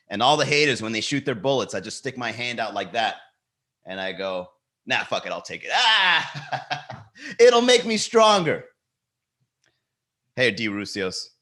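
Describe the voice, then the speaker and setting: A man hosting a comedy podcast, telling a story in a casual, animated rant, swearing freely and joking with the live chat. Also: mid-range voice. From Miami. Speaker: podcast host.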